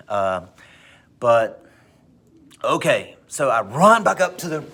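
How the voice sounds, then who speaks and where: A male teacher with a middle-pitched voice tells a personal anecdote to his students. He rushes through some parts and slows down for others, leaning into the story with plenty of expression. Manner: animated anecdote with big swings in pitch and pace. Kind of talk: storytelling in class.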